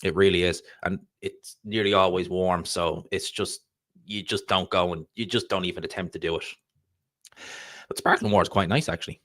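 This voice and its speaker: A Dublin Irish man with a fairly low voice talks loosely and chattily on his live stream, drifting from point to point as he answers viewers. The sound is dry and close, with no room around it. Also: steady tone, moderate pace, fairly bright tone, no echo. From Ireland. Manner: rambling, chatty, reads viewer comments aloud. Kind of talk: casual live-stream chat about boxing.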